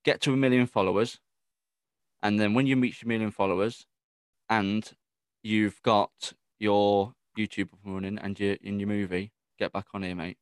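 Casual podcast host, man, lower voice, friendly banter. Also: steady tone, moderate pace, clear, resonant tone, dry recording. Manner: chatty, matey, says "mate" often. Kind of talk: casual chat.

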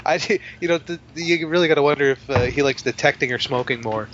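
A man co-hosting a podcast, chatting casually about movies with quick, profane quips and agreeing interjections. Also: on the high side. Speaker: podcast co-host. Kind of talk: casual movie-review chat. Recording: muffled lo-fi recording with faint hiss.

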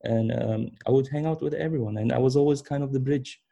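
A young man with a German-Turkish accent, telling his own story in a relaxed chat, often stumbling, repeating words and starting over. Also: medium pitch, creaky. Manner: halting, many restarts and repeated words, laughs often. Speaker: fashion designer, guest. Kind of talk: casual conversational storytelling.

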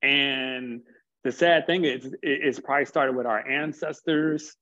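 An earnest man, the interview guest, works through his thoughts at length, sometimes tripping over a word before pressing on. His voice sits at a medium pitch, and the recording has a muffled, lo-fi quality. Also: fairly even intonation, pushed and bright. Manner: earnest, stumbles on words, builds points slowly. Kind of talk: reflective conversation.

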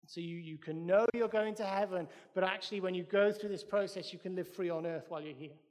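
A man's voice: high-pitched, fairly quick, in a large hall. A Welsh man preaching a sermon in a church, emphatic and repeating his phrases in threes.

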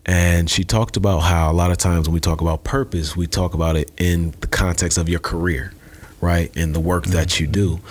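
Male guest, low voice, lively storyteller. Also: husky. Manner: animated storyteller who acts out voices. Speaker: guest, author and speaker. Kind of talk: podcast conversation.

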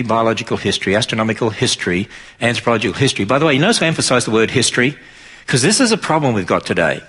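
Husky-voiced man preaching emphatically. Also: medium pitch, fairly bright tone. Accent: Australian. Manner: emphatic, rises sharply for mocking quotes. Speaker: Christian speaker. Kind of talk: preaching talk to an audience.

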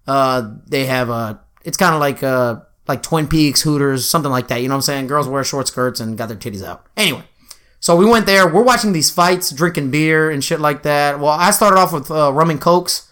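A man's voice: on the high side, normal speed, fairly bright tone, clear, resonant tone. A man hosting a podcast, telling a rambling, crude story with lots of fillers. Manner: crude, rambling, lots of fillers and "you know what I'm saying". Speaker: podcast host. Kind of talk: casual storytelling chat.

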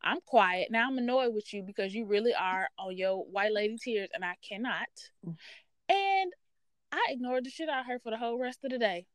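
A woman hosting a podcast, telling a workplace story in a blunt, profane, sassy and animated way. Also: on the high side, normal speed, clear, resonant tone, no echo. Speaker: podcast host. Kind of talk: casual storytelling rant.

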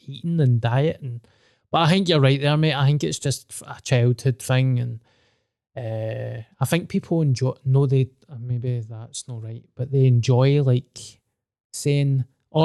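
A man's voice: medium pitch, measured pace, creaky, dark tone, no echo. Scottish man, podcast host, casual sweary banter, dry close sound. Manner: blunt, sweary, joking.

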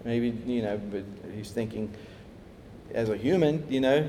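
A man preaching a sermon, lively, acting out quoted voices as he tells the story. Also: mid-range voice, unhurried, a little hiss or hum. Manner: animated, acts out quoted voices, chuckles. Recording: echoey hall with faint ambience.

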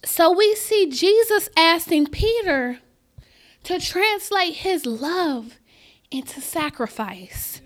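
A woman preaching a sermon, reading scripture deliberately and building her points to loud, emphatic declarations. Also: extremely high pitch, expressive. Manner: reads scripture slowly and deliberately.

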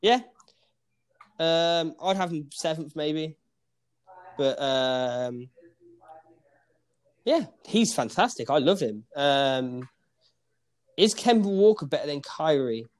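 A man with a non-American English accent, co-hosting a casual sports podcast and reading news aloud haltingly with plenty of fillers. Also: on the high side, expressive, clear, resonant tone. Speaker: podcast co-host.

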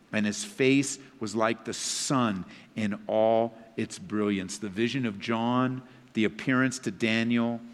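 A man preaching a sermon, swinging between loud emphatic passages and hushed, low scripture reading. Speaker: pastor. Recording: long reverb of a large hall.

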